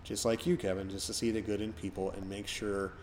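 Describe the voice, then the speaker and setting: Rambling middle-aged man hosting, low voice. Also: level tone, brisk, a little mellow, slight background noise. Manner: rambling, reflective, many fillers. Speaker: podcast host. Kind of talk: casual podcast chat.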